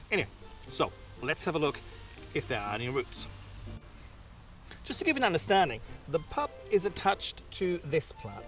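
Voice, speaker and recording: A man's voice: fairly high pitch, sing-song, normal speed, long pauses, fairly bright tone, soft background music. A man hosting a gardening video outdoors in his garden, chatting casually through a how-to with self-mocking asides.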